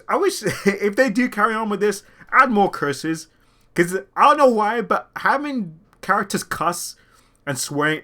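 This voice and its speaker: A young man rambling excitedly about a movie in an unscripted rant, swearing a lot, his throat sore from talking. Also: a little high. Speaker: movie vlogger.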